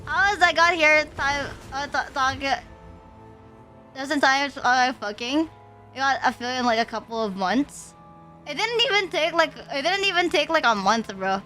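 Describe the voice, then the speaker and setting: A woman's voice: high-pitched, expressive, moderate pace, sharp tone, faint music behind. A young woman streamer from the Philippines, rambling through a story in casual chat, swearing often and saying "like" a lot. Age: young adult.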